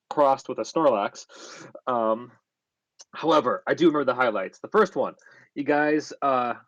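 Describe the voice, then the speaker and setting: A man's voice: medium pitch, no echo. A man game master recapping a tabletop session in a rambling, chatty way full of fillers. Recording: dull lo-fi, dry.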